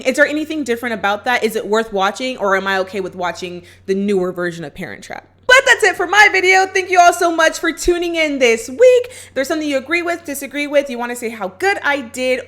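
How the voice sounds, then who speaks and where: A woman's voice: sits high, fairly bright tone. A woman vlogger casually recapping a movie plot in a chatty, upbeat way, speaking straight to her viewers. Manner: chatty, acts out characters' lines while retelling.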